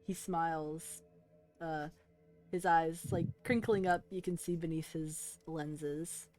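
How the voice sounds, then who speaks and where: A woman narrating as game master of a tabletop game, in a relaxed, halting way with many fillers. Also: low voice, soft background music.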